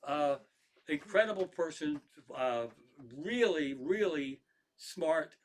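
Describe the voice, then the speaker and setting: A man with a voice on the high side speaks slowly and expressively. He's a stand-up comedian casually telling rambling, profane stories to a live stream audience, often restarting his sentences.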